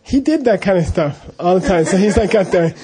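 A man's voice: high voice, expressive, brisk, warm tone, slightly rough. A middle-aged man casually telling an anecdote, laughing often and acting out the dialogue. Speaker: storyteller recalling monastery life.

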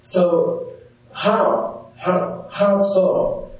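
A man's voice: sits high, level tone, very slow. A man teaching a class, telling a story in a chatty way full of "you know" asides. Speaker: yoga teacher. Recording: echoey room heard from a distance.

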